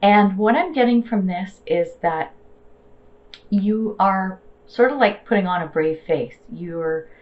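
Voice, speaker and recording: A woman's voice: medium pitch, lively intonation, slow, muffled recording. A woman giving a casual tarot reading, chatty and reassuring, with loose fillers and slang. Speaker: tarot reader.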